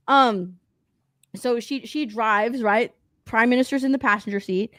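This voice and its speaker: A woman co-hosting a casual podcast, recapping a movie in an animated, profane way and acting out the characters' lines. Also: on the high side, unhurried, no echo. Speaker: podcast co-host.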